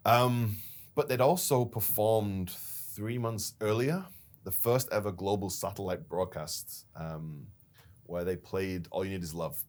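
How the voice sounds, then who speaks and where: A man co-hosting a casual business chat, telling stories in an animated way and laughing now and then. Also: sits low, measured pace. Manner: storytelling, animated retelling with laughs. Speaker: company founder and podcast co-host.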